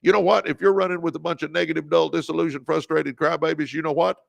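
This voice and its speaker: Gravelly preachy man giving motivational talk. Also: a little high, flat delivery, fast talker, dry recording. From Texas, United States. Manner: preachy, repeats phrases, calls listeners baby; greets viewers by name. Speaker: livestream host and motivational speaker.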